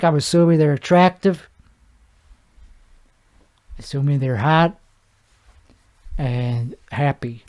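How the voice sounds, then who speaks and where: Rambling man riffing on a solo podcast. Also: high voice. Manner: rambling, riffing, with mouth sound effects; frequent restarts and stammered repeats. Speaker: podcast host. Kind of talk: comedic solo podcast monologue.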